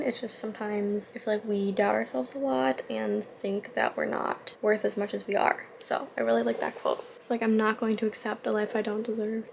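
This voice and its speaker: A woman's voice: on the high side, vocal fry, a little hiss or hum. A young woman vlogging in a chatty, rambling way, full of casual fillers. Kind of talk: casual vlog chat.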